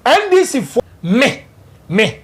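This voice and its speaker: A man's voice: very high-pitched, wildly swooping pitch, slow, fairly bright tone. A man with a Ghanaian English accent, debating politics on a talk show and mixing in Twi. He is emphatic and keeps repeating his points. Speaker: political panelist.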